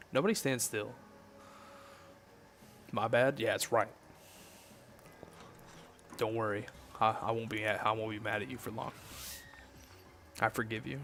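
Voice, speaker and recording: A man's voice: medium pitch, a little hiss or hum. A man from the Southern United States with a Southern accent, chatting casually with viewers and cracking jokes on a late-night game stream. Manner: relaxed, joking, chatting with viewers.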